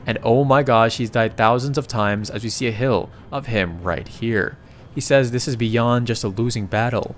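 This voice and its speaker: A man narrating a comic recap in a casual, excitable way, often breaking into exclamations. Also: medium pitch, normal speed, slight background noise.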